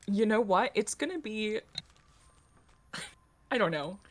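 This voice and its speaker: A woman's voice: mid-range voice, expressive, slow pace. A woman playing a tabletop game, hesitant and full of fillers. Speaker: player.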